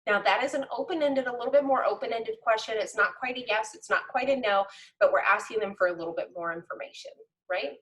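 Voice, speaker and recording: A woman's voice: fairly high pitch, fast talker, fairly bright tone, rough recording. A woman real estate coach teaching trainees in a conversational, emphatic way, often checking in with "okay?" and "right?". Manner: emphatic, direct instruction to trainees. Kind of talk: coaching lesson.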